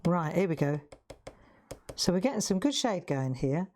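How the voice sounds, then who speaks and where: A woman's voice: lowish voice, sing-song, normal speed, darkish tone. A woman hosting a live colouring demonstration, chatting, laughing often and making self-mocking asides. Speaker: craft show host.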